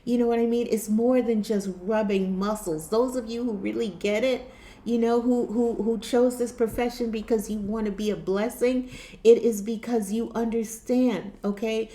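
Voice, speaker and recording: A woman's voice: on the high side, steady tone, normal speed, mellow, reverberant. A woman vlogger talking earnestly about spiritual awakening, often repeating herself and restarting her sentences. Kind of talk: casual spiritual talk to camera.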